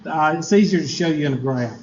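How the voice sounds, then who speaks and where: A man's voice: fairly high pitch, quick pace, a little mellow, a little hiss or hum. A man teaching statistics in a classroom lecture, folksy and chatty, quizzing his students with asides. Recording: echoey lo-fi classroom recording.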